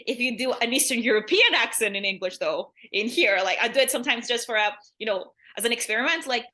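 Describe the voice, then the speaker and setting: Bright, chatty woman full of "like". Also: fairly high pitch, animated, fast talker, few pauses. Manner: rambling, frequent "like", laughs often. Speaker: language teacher, podcast guest. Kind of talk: casual interview chat.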